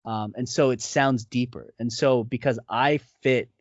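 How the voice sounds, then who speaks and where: A man of middle pitch chats as an interview guest, rambling along with lots of "um" and "like" and restarting his sentences. The sound is dry and close, with a dull lo-fi quality. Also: steady tone, measured pace, no echo. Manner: rambling, many fillers and restarts. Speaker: voice actor guest. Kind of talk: casual interview chat. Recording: dull lo-fi audio.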